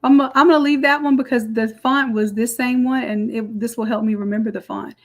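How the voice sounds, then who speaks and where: A woman walking through a design software tutorial step by step in a chatty, explaining way. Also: a little high, steady tone, brisk. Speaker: design instructor. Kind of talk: screen-recorded software tutorial.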